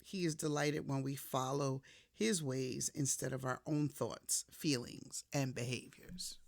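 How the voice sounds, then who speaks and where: Woman doing a casual faith talk, gravelly voice, dry close sound, gets animated then soft again. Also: extremely low pitch, unhurried, no room sound. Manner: animated storytelling, swings from soft to emphatic; casual, conversational, addresses listener directly. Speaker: motivational speaker. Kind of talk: faith-based motivational talk.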